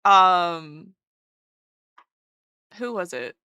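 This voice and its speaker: A woman's voice: on the low side, very slow, bright, forceful tone, clean tone, no room sound, lo-fi sound. A woman streamer chatting casually while drawing, gushing and rambling as she interrupts herself.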